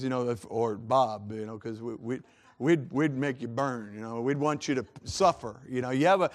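A man preaching a sermon in a folksy, joking way, his chest congested and given to coughs, swinging from loud to hushed. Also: medium pitch.

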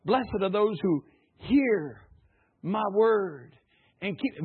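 A pastor preaching a sermon in call-and-response style, swinging between loud and hushed passages. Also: male voice, high voice, animated, slow pace, husky. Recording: tinny phone-like recording.

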